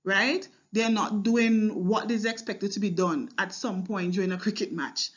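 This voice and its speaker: A woman teaching a poem line by line, thinking aloud and often stopping to check with "right?" or "okay?". Her voice sits at an even middle pitch. The recording sounds a little dull and muffled. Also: measured pace, husky. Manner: explanatory, repeats words with fillers and checks with "right?" and "okay?". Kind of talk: line-by-line poetry analysis lesson.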